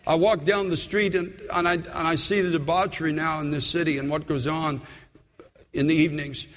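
A man's voice: fairly high pitch, long reverb tail. A man in his sixties, a pastor, preaching an earnest sermon full of personal stories in a church.

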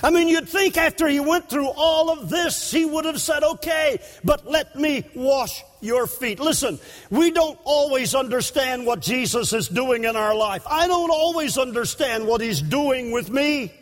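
A man preaching a sermon at an evening service, impassioned and breaking into shouts for emphasis. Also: very high voice, normal speed, soft background music. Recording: long hall reverb.

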